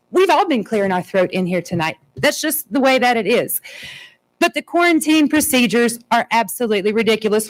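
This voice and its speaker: Brief: high-pitched woman, parent at public comment, firm and pointed, unscripted. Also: rough recording. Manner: firm, pointed, rhetorical questions. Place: public board meeting.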